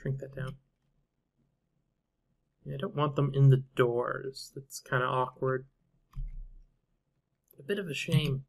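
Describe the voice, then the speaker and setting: A man's voice: mid-range voice, steady tone, slow, gravelly, long pauses. A man casually commentating his own strategy game play, thinking aloud and trailing off with fillers and half-finished thoughts. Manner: musing to himself, trailing off with fillers. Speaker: gameplay commentator.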